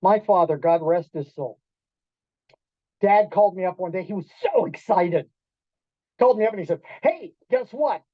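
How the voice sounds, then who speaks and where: A man giving a storytelling talk to an audience in a restaurant event room, animated, acting out quoted voices and quizzing the listeners. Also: high voice, normal speed, long pauses, no room sound. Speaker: keynote speaker. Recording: dull lo-fi dry sound.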